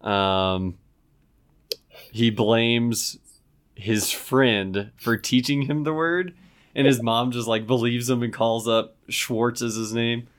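A young man in casual chat, talking in a relaxed way and often pausing with "um" as he recounts stories. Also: mid-range voice, smooth. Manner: relaxed, many "um" pauses while recounting.

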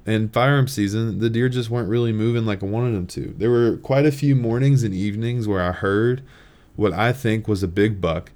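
A young man hosting a podcast and telling a story in a casual, animated way, swearing and laughing as he talks. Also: fairly low pitch, moderate pace. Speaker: podcast host.

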